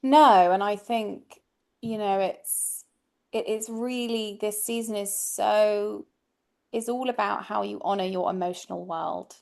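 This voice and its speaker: A woman's voice: medium pitch, fairly even intonation, unhurried, vocal fry. A woman astrologer, a guest on a podcast, speaking reflectively in casual chat and often restarting her thoughts.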